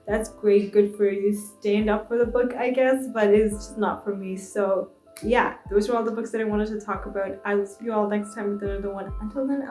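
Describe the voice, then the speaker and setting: Exasperated young woman ranting about books. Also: mid-range voice. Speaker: book vlogger. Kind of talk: casual book review vlog. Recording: echoey room with soft music behind.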